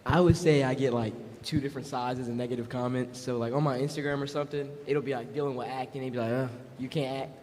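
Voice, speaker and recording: A male actor and streamer speaking on a live panel in a relaxed, matter-of-fact way. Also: mid-range voice, fast, hardly any pauses. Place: large event hall. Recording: hall reverb, faint noise.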